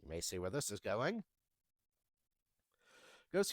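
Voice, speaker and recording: Speaking slowly with long pauses, this man has a lowish voice with big pitch swings and no room sound around it. He's in his thirties, casually and wryly recounting retail work stories and performing the dialogue.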